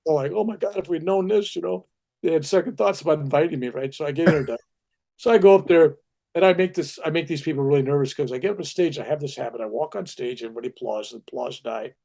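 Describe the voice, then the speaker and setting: Older male storyteller, gravelly low-key voice, lively acted-out quotes, conversational. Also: fast talker. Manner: animated anecdotes with acted-out quotes. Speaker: spiritual teacher.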